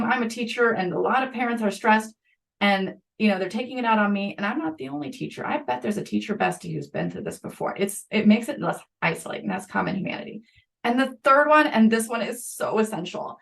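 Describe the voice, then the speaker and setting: A middle-aged woman, a school psychologist, talking on a podcast interview in a lively, conversational way with quick asides. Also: mid-range voice.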